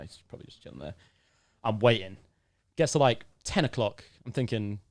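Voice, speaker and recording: A man's voice: on the low side, brisk, vocal fry, long pauses, no room sound, studio quality. A young British man in his twenties, a podcast guest telling a story in casual conversation and acting out the dialogue. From United Kingdom. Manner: lively storyteller who acts out the dialogue.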